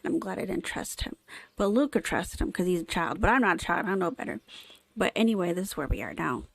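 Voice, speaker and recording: A woman's voice: fairly low pitch, animated, fast, creaky, no room sound. A young adult woman streaming a game, chatting casually about the story and reading dialogue aloud. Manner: chatty, giggly, self-aware. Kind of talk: casual let's-play commentary and dialogue reading.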